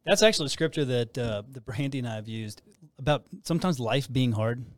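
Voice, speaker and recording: A man's voice: medium pitch, lively intonation, brisk, no room sound. A man hosting a casual Christian talk show, who rambles and restarts his sentences often. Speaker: host.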